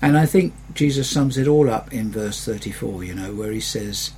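A man's voice: lowish voice, normal speed, few pauses, darkish tone, a little hiss or hum, poor audio. A man preaching a sermon as a pastor, in an earnest, conversational way that often swells into emphatic rises.

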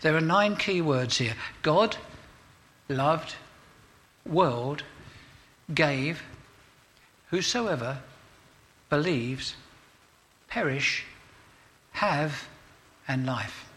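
Bright-voiced male pastor preaching. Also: lively intonation, extremely slow, long pauses. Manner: emphatic, rises in pitch to stress key phrases; repeats points for emphasis and prays aloud to close. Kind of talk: sermon. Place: church service.

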